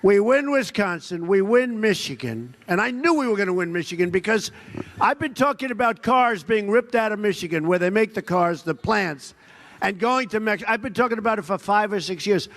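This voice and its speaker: A man's voice: high-pitched, lively intonation, moderate pace, a bit bright. A man giving a political rally speech, boastful and repetitive, mocking opponents and slipping into quoted voices. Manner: drops into quoted voices of others. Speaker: rally speaker.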